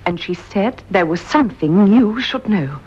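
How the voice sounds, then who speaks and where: An actress playing an eager, credulous woman in an old radio drama, stammering when excited. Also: mid-range voice, unhurried, highs cut off, faint music behind, natural voice. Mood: eager, awed.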